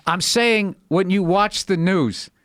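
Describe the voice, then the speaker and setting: A man who is a guest comedian, ranting in casual podcast chat, animated and profane, and slipping into mocking voices. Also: high-pitched, slow, no echo, clean studio sound.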